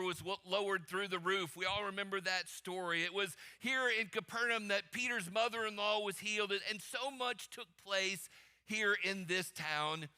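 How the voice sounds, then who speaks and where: Bright-voiced, emphatic male pastor. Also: sits high, clear, resonant tone. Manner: emphatic, calls for congregation responses. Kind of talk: sermon.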